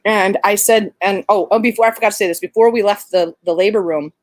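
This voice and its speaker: A woman who works as a doula and midwife tells a birth story in an animated, conversational way. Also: medium pitch, fast talker, dry recording. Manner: animated, conversational, many fillers.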